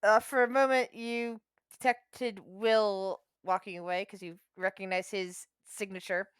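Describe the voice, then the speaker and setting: A woman's voice: mid-range voice, level tone, measured pace, clear, resonant tone, no room sound. A woman narrating as game master of a tabletop game, chatty and often searching for words mid-sentence.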